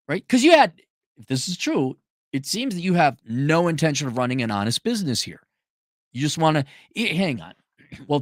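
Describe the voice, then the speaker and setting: An exasperated man delivers a mocking, sarcastic rant. His pitch jumps around a lot, and the sound is dry and close with no room echo. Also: a bit bright. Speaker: commentary vlogger. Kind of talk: ranting commentary.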